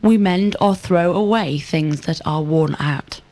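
A woman answers drill questions in careful, complete sentences. Her delivery is measured, and her voice sits slightly low for a woman. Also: dark tone. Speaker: model student.

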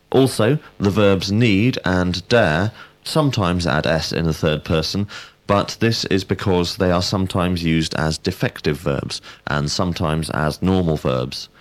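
A man giving a scripted grammar lesson, speaking in a measured, precise way and prompting answers. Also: low-pitched. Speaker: language teacher.

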